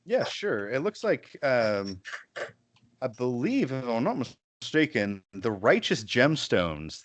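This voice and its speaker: Rambling low-voiced male podcast host. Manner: rambling, self-correcting. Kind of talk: casual chat.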